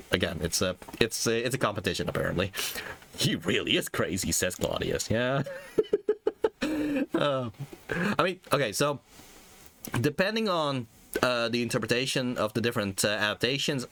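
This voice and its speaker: Male streamer, casual read-through with commentary, mid pitch, frequent chuckles. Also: bright, forceful tone. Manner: chuckles often, trails off into fillers. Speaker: streamer playing a text game. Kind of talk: reading a game aloud with casual commentary.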